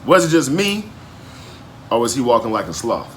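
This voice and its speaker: A man's voice: mid-range voice, big pitch swings, moderate pace, a bit bright, slight background noise. A man hosting a reaction video in casual, slangy commentary, laughing often. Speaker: reaction channel host.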